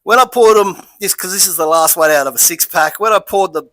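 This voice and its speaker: Australian man, beer review vlog, bright forceful voice, fairly high pitch, dry close sound, rambling chatty delivery. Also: fairly quick, dry recording, low-quality recording.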